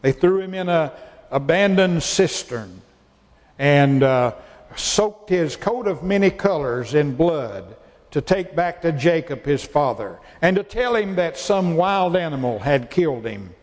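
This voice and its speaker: A man's voice: fairly high pitch, expressive, unhurried, a little mellow, big-room sound. A male pastor preaching a sermon in a folksy way, repeating phrases for emphasis.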